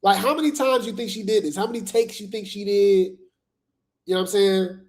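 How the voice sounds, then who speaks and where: A man's voice: sits high, fairly quick. A man hosting casual gossip commentary, sarcastic and chatty, talking straight to his viewers.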